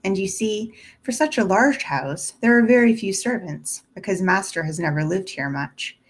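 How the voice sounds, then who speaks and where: A woman voicing a cool, composed middle-aged female servant who speaks in a measured, prim way. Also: medium pitch, expressive, breathy edge.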